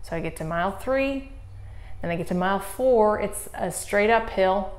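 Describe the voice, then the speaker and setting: A woman's voice: medium pitch, moderate pace, reverberant. A woman in her forties, a triathlon coach, giving a casual race report in a blunt, candid way, swearing freely and acting out her own inner dialogue. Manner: lively retelling with self-quoted inner dialogue.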